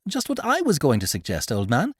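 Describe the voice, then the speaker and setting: A man voicing a breezy, jolly young upper-class gentleman with chirpy chatter. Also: mid-range voice, huge pitch swings, a little fast, husky, dry recording, clean studio sound. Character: young male English toff, breezy and jolly.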